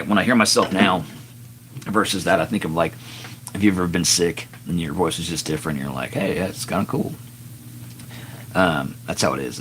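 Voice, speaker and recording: Raspy low-voiced man chatting on a live stream. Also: fairly bright tone, slight background noise. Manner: earnest, chatty and self-deprecating. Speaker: singer-songwriter hosting a live stream. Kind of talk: casual live stream chat between songs.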